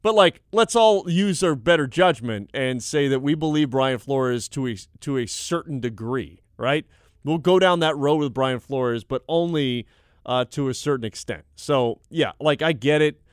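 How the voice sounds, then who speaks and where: A man's voice: medium pitch, animated, moderate pace, clear, resonant tone, no echo, clean studio sound. A young adult man hosting a sports radio show, reading listener texts aloud and reacting in a casual, conversational way.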